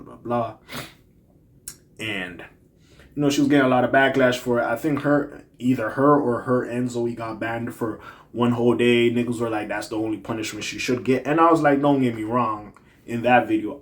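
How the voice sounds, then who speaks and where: A man hosting a commentary channel, giving blunt, profane opinions in a casual rant that swings between muttering and loud outbursts. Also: medium pitch. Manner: blunt, profane, animated ranting with swings in loudness.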